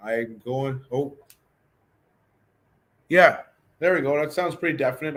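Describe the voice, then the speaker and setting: A man with a medium-pitched voice teaches a casual beginner language class, speaking a little slowly and pausing often. He's relaxed and chatty, thinking aloud and frequently restarting his sentences.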